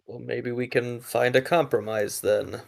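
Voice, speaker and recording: Flat gravelly-voiced male player. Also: medium pitch, a little slow. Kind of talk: tabletop role-play in character.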